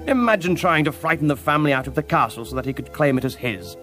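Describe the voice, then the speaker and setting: A man acts out a lazy, wine-loving Victorian lord in an audiobook drama, jovial and drawling in a posh way. His voice sits a little high and moves in lively leaps, with quiet music beneath. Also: fast talker.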